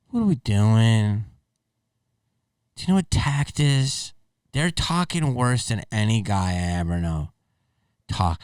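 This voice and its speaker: A man's voice: medium pitch, no room sound, clean studio sound, distant mic. A man hosting a podcast, reacting to clips in a blunt, rambling, profane way. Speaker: podcast host. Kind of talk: casual reaction commentary.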